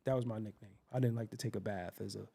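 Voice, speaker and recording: A man's voice: fairly low pitch, fast, creaky, breathy edge. A man hosting a show, telling profane comic stories and acting out the people in them, laughing as he goes. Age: adult. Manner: animated, acts out voices, laughs often. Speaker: show host. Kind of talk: profane comedic storytelling.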